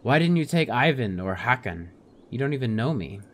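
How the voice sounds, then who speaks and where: A man's voice: medium pitch, big pitch swings, normal speed, close to an everyday voice. A wry, skeptical archer hero from a fantasy game, played by a man. He asks disbelieving questions in a raised voice, and there is faint noise in the background. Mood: incredulous.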